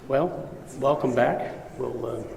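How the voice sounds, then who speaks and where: Gravelly male co-leader, relaxed group announcements, chapel reverb with light hiss. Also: mid-range voice, slow. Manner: relaxed, with many "uh" fillers. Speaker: workshop co-leader. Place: large chapel with long reverb. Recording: echoey chapel recording, faint hiss.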